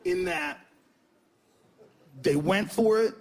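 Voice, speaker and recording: A male stand-up comedian on a club stage, shouting and swearing as he acts out voices. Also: very high voice, huge pitch swings, takes it slowly, gravelly. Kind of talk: stand-up set. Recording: noisy live club with crowd.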